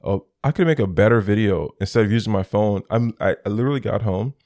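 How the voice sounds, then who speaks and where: A man's voice: fairly low pitch, animated, quick pace, a little mellow, no room sound, studio quality. A young man telling stories in casual chat, acting out both sides of his phone calls.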